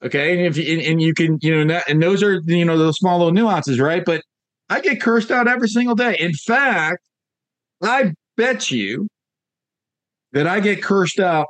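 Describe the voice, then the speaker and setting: A man's voice: high-pitched, moderate pace, fairly bright tone, no echo. A man coaching real estate agents in a casual motivational talk, telling stories with lots of fillers and repeated phrases. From Northern Virginia, USA.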